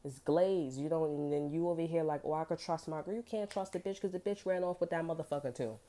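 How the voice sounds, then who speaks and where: A woman's voice: low voice, fast talker, mellow. A woman giving a casual tarot reading, blunt and profane, full of emphatic slang. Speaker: tarot reader.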